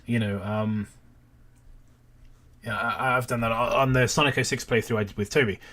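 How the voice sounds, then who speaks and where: Male reaction host, middle pitch, dry sarcasm, casual swearing. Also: fairly even intonation, moderate pace, fairly bright tone. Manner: sardonic, critical, swears casually.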